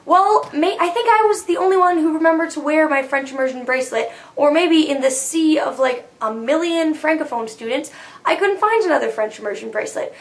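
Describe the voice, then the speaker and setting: Chatty high-voiced young woman rambling. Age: young adult. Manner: chatty, lots of "like" fillers, acts out her own inner panic. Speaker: university freshman vlogger. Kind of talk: rambling personal vlog storytelling.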